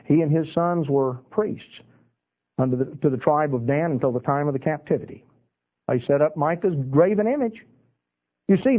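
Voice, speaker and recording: A man preaching a sermon, retelling Bible passages in a folksy way with many pauses and uhs. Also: fairly high pitch. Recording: tinny phone-like radio broadcast.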